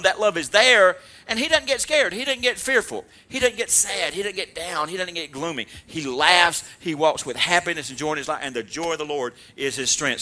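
A man preaching a sermon, animated, acting out mocking dialogue and calling for amens. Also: sits high. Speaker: pastor.

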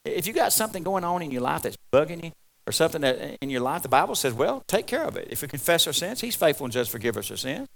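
A man preaching a folksy, rambling sermon, swinging from loud exclamations to quiet asides. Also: fairly high pitch, sing-song, fast talker, creaky. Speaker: pastor.

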